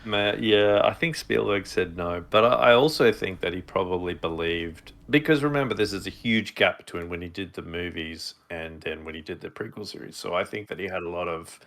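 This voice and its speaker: A man's voice: low-pitched, a little fast, creaky, hardly any pauses, a bit bright. A man co-hosting a podcast in casual chat, rambling with many fillers and restarts. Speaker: podcast co-host.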